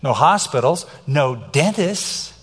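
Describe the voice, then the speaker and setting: A man's voice: on the high side, sing-song, slow, husky. Preaching man in a reverberant hall. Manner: emphatic preaching, varies pace for effect. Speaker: pastor. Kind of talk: sermon.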